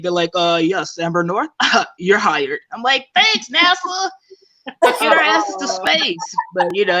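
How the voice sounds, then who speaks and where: A woman's voice: medium pitch, a bit bright, rough recording. A woman comedian doing rambling, playful stand-up over a video call, laughing and swearing as she goes.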